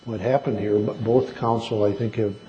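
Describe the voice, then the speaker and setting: A man serving as an appellate judge, speaking deliberately from the bench with halting restarts. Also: lowish voice, steady tone, warm tone, muffled recording. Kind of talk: courtroom oral argument remarks. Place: large courtroom. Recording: reverberant courtroom with faint noise.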